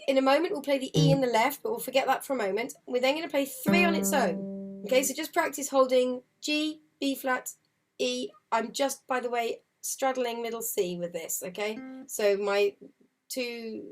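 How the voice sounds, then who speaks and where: A woman's voice: a little high, normal speed. A woman teaching a harp lesson on a video call, chatty and encouraging, singing counts and rhythms as she explains. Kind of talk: live online music lesson. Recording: loud harp music under voice. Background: harp playing.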